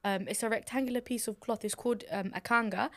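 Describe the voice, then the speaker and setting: A woman's voice: fairly high pitch, fairly even intonation, fast, fairly bright tone. A woman, a podcast co-host and mother, chatting casually and explaining things in a reassuring, slangy way. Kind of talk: casual chat.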